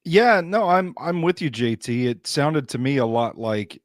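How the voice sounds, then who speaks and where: Measured male sports co-host, dry sound. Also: mid-range voice, animated, no echo. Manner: measured, conversational analysis. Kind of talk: casual sports talk.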